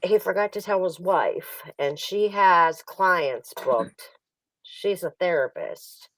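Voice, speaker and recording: A woman's voice: fairly low pitch, slow pace, no echo, far from the mic, rough recording. A middle-aged woman hosting a livestream, telling a family story in casual chat and laughing often. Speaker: livestream host.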